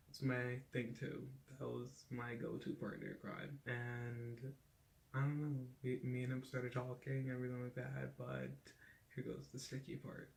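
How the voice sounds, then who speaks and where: A man's voice: medium pitch, gravelly. A young man telling a personal story in a casual, rambling way, full of "like" fillers and cursing. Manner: rambling, heavy on "like" fillers, candid and profane. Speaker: vlogger.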